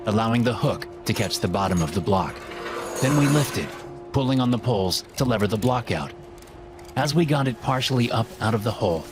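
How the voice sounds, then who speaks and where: Brief: low-pitched male narrator, steady scripted horror storytelling, loud music bed. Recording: voice-over with loud music behind.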